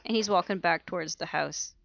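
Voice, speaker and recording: A woman narrating a tabletop game as game master in a lively, casual way. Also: lowish voice, brisk, gravelly, no room sound, muffled recording.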